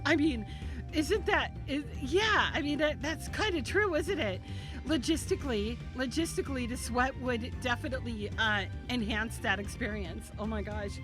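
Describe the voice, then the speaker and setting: A woman in her thirties chatting on a live stream, bubbly and excitable, laughing a lot. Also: a little high, normal speed, music in the background. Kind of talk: casual live-stream chat.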